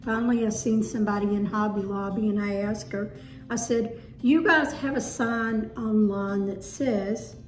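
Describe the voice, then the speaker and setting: A woman's voice: medium pitch, fairly even intonation, moderate pace, a little hiss or hum. A woman with a Southern US accent casually showing off her home decor haul in a chatty, folksy way. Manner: chatty, folksy, gushing over items. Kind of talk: casual show-and-tell haul. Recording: echoey room with faint music.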